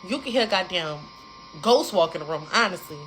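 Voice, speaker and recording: Young woman telling an animated storytime. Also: on the low side, normal speed, slight background noise, rough recording. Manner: animated, repetitive, talks straight to viewers. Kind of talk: casual storytime.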